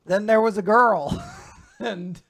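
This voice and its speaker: A man's voice: high voice, takes it slowly, vocal fry. A man on a podcast casually recapping manga chapters, retelling scenes and quoting lines, often laughing. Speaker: podcast host.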